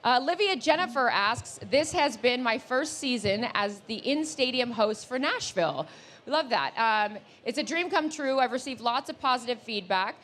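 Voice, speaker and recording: Chatty, fast-talking woman podcast co-host. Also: animated, fairly bright tone. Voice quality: deeper voice. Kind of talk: live podcast Q&A. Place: live event stage.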